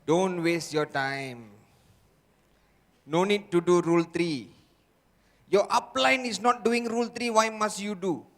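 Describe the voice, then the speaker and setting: A man's voice: sits high, slow, pauses often, a bit bright, full character voice. A man voicing a lazy, discouraging inner voice. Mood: dismissive. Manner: dismissive, discouraging. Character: nagging lazy inner voice of doubt, male.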